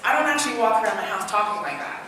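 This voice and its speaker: A woman from Trinidad giving an interactive workshop talk, animated and quizzing her audience. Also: medium pitch, rapid-fire. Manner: animated, asks the audience many questions. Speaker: speaker and trainer. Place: large hall. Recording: echoey hall from far off, noisy.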